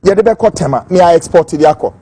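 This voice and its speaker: A Ghanaian man delivering fiery political commentary as a host. His voice sits high and swings widely as he rants. The tone is mellow but husky, recorded close and dry. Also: animated, fairly quick. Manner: fiery, emphatic ranting; switches between Twi and English.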